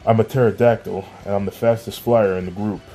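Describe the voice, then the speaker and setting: A man playing a cocky teenage boy bragging briskly in a low, mellow voice. Faint music runs underneath. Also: fairly even intonation, natural voice. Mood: boastful. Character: boastful teenage boy, fast flyer.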